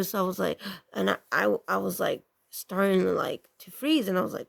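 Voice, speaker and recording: A woman's voice: medium pitch, moderate pace, vocal fry. A woman vlogger casually telling a personal story to camera, rambling with restarts and acting out what people said. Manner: rambling, with many restarts and acted-out quotes.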